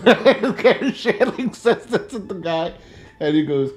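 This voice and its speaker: A man hosting a casual chat, telling a story with big swings in pitch. He acts out characters and breaks into laughter, with faint music behind him. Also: animated, takes it slowly. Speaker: podcast co-host. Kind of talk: casual chat retelling a TV episode.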